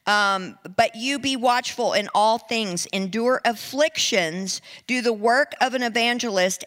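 A woman preaching, telling a story in an animated way and acting out the people in it. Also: mid-range voice. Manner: animated, acts out quoted speech. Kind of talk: sermon storytelling. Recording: long reverb in a hall.

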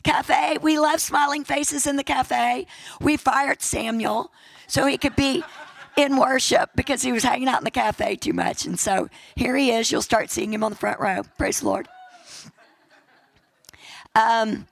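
A woman pastor with a raspy voice, giving a chatty, jokey sermon with church announcements and a closing prayer, repeating her points for emphasis. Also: on the high side, measured pace, pauses often, low-quality recording.

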